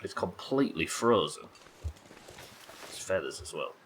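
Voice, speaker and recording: A man's voice: low voice, animated, measured pace, a bit bright, slight background noise, poor audio. A man from the United Kingdom chatting and joking casually while streaming a survival game, swearing now and then. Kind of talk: casual gameplay commentary.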